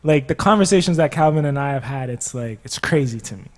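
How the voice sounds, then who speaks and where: A man's voice: mid-range voice, animated, quick pace, a crowd in the background. A man hosting a casual podcast interview, chatty and egging his guests on. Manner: chatty, prompts guests with short "mm" and "keep going". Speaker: podcast host.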